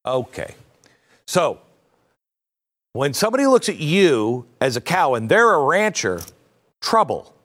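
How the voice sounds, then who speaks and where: A man's voice: on the high side, sing-song, a little slow, pauses often, fairly bright tone. A middle-aged man hosting an opinion talk show, speaking in a sardonic, conversational way with self-mocking asides. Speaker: host.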